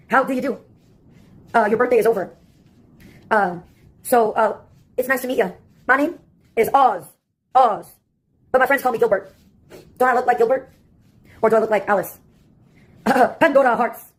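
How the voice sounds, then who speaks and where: A woman delivering a rambling, sarcastic comic monologue that jumps from topic to topic. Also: fairly high pitch.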